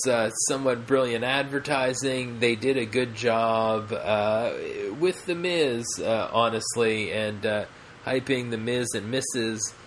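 Casual podcast man, slow and rambling, full of ums and restarts, faint noise behind. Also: mid-range voice, fairly bright tone. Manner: rambling, many fillers and restarts. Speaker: podcast co-host. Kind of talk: casual chat.

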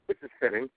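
A man co-hosting a casual talk show, ranting about television with heavy swearing. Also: no room sound. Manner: ranting, profane, cranky. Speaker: podcast co-host. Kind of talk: casual chat. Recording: tinny phone-like audio, dry.

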